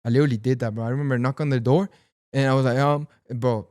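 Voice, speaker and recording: Fast and steady, with a medium-pitched, darkish voice, a young man chats casually on a podcast in a dry, clean studio recording. He's from Pacoima in Los Angeles, has a Mexican-American accent and a Sinaloan mother, and he mixes Spanish and English, says "bro" frequently, and acts out the people in his stories.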